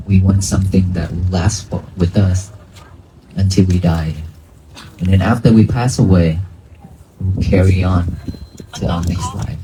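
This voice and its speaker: A man's voice: low voice, noisy background. A man, a Buddhist monk, giving a plain-spoken dharma talk to a crowd outdoors in a cemetery, in English. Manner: slow, plain-spoken, non-native phrasing.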